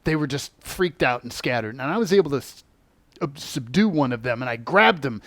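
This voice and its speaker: Animated man telling a spiritual story. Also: fairly high pitch, normal speed, no echo, studio quality. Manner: animated, acts out quoted voices. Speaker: spiritual teacher. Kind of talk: personal storytelling talk.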